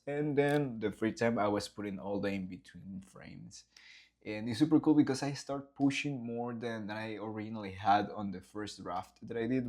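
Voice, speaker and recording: In this laid-back behind-the-scenes vlog, a lively man with a lowish voice explains his storyboards. He's an animator, and he gets enthusiastic, performing scenes with sound effects and the odd curse.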